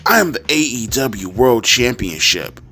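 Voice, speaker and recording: A man reading a grandiose male wrestler's speech aloud in a mocking, overblown way that builds to shouts. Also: medium pitch, very animated, unhurried. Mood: mock intense. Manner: mock-dramatic, rising to shouts.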